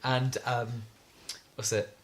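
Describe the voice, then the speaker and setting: A man's voice: medium pitch, level tone, over a noisy crowd. A young man co-hosting a podcast in casual chat, telling rambling stories full of restarts and fillers. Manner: rambling storyteller, halting with many restarts. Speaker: podcast co-host.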